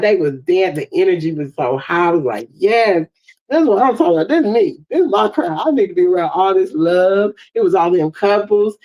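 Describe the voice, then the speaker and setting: A woman in her fifties with an African American English accent, hosting a livestream and telling stories in an animated way, acting out the dialogue. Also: medium pitch, creaky. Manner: animated storytelling, acts out dialogue. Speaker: livestream host. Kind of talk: casual livestream monologue. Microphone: streaming setup mic.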